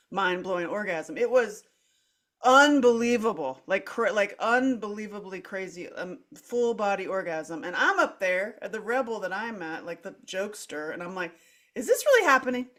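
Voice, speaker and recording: Animated middle-aged woman telling a wild story. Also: medium pitch. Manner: animated, dramatic swings in loudness, acts out her own quoted lines; frequent "like" fillers and restarts, laughs through speech. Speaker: podcast host. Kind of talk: candid conversational storytelling.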